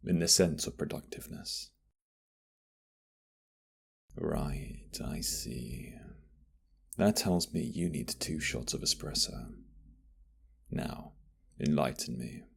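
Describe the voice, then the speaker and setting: Man doing a flirty barista, whispered role-play, teasing, very deep, husky. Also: takes it slowly, pauses often, full character voice. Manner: flirty, teasing, soft-spoken. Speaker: ASMR roleplay voice actor.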